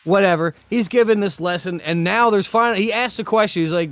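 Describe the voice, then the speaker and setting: A man co-hosting a casual movie review podcast, joking around and throwing in sound-effect shouts. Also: high voice, brisk, no echo. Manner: animated, jokey, sound-effect interjections. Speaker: podcast co-host.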